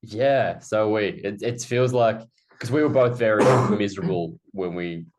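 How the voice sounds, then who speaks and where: A man from Australia, co-hosting an interview show in a relaxed, rambling, jokey way. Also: fairly low pitch, measured pace. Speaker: podcast co-host. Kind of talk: casual interview chat.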